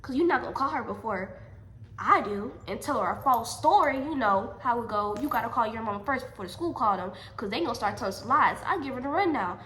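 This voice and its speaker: High, animated young woman telling a story. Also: brisk, a little hiss or hum. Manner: animated, emphatic storytelling with repeated lines. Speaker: vlogger. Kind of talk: storytime vlog. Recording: echoey room.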